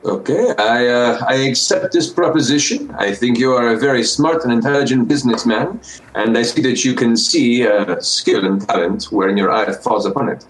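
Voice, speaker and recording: A man playing a tabletop game, talking in character as a flattering dwarf, hesitant with many fillers. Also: mid-range voice, normal speed, roomy sound, a little hiss or hum, rough recording. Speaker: player. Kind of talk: in-character role-play.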